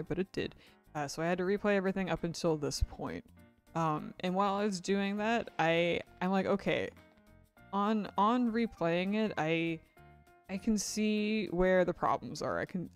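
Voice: medium pitch, creaky. A tired game streamer chatting casually while playing, rambling and apologizing for tripping over words. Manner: rambling and apologetic, frequent restarts. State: tired after a long day. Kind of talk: casual gameplay commentary.

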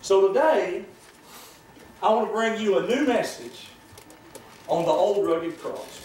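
A man preaching a sermon as pastor, reading scripture aloud in a measured, deliberate way with pauses, recorded in a church sanctuary. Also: high voice, a little hiss or hum. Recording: echoey church room from a distance.

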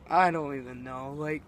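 A man's voice: a little high, slight background noise. A man ranting and swearing in a casual, rambling vlog. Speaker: vlogger.

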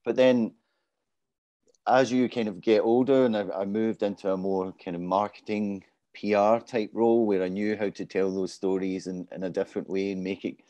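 A man's voice: deep voice, mellow, no room sound. A man in his forties speaking as a panelist in casual panel talk, modest and self-deprecating. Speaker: panelist, business development lead.

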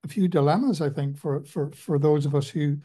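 A man's voice: on the high side, fairly quick, dark tone. A man with an Ulster Scots accent, a participant on a video call, speaking in a hesitant, reflective way.

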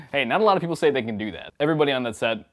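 A man's voice: fairly high pitch, big pitch swings, very fast, fairly bright tone. Chatty young man telling a story. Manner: upbeat, chatty, laughs often, many fillers. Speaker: vlogger and indie filmmaker. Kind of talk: casual storytelling to camera.

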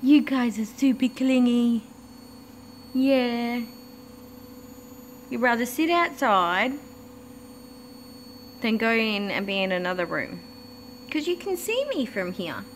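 A woman talks to her dogs in a cooing, playful baby-talk voice. Her voice sits high and swings widely in pitch. She speaks slowly and unhurried in a casual vlog. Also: expressive, slight background noise. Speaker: dog owner vlogger.

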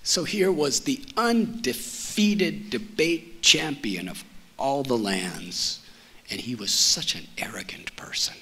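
A man, a spiritual teacher telling a story to an audience in a library auditorium, speaking gently and letting his phrase endings fall soft. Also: medium pitch, expressive, slow, slightly rough. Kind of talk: storytelling talk.

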